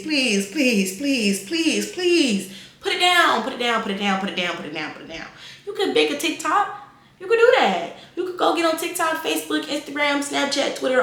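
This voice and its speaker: A woman in her twenties giving casual life advice, animated and repeating phrases for emphasis. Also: medium pitch, echoey room. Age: 20s.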